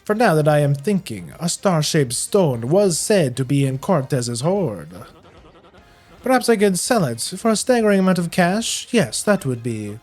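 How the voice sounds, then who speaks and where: A man's voice: a little high, very animated, a little slow, darkish tone, soft background music. A man voicing a vain, flamboyant male merchant with a put-on Spanish accent, reading a game's dialogue aloud. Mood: grandiose. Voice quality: flamboyant, grandiose, dramatic.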